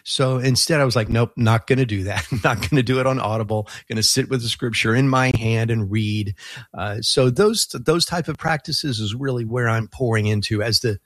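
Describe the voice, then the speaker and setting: A man talking as a guest on a Christian radio show, in relaxed and thoughtful casual talk, with many fillers and restarts and frequent chuckles. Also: medium pitch, moderate pace, dry recording, clean studio sound. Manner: chuckles often while talking.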